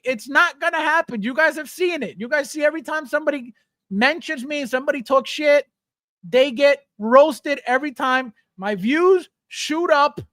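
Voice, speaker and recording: Clean studio audio with no echo captures a livestream host's very high, slightly bright voice. He reads viewer chat aloud and answers it in a casual, blunt rant laced with heavy swearing.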